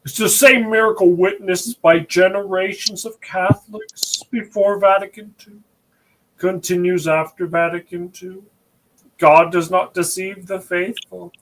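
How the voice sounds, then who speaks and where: A man doing a mocking impression of a male commentator, reading very slowly and deliberately. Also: sits high, steady tone, a bit bright, slight background noise, poor audio. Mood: mocking solemn. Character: impression of a slow, flat-spoken male commentator.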